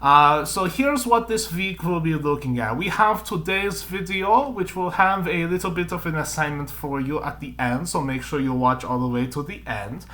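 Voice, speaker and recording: A male history teacher giving a video lesson while putting on a deliberately bad fake German accent, tagging his sentences with "yeah?" and "okay?". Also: a little high, sharp tone. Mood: playful. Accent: mock German accent, put on.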